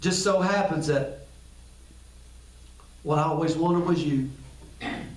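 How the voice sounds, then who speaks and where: A humbled old man confessing in a low, broken whisper, as a preacher puts him on, his voice dropped well below his usual register. The sound is echoey and picked up from some distance. It is hushed and heavy. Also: slow pace. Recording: echoey room, distant mic.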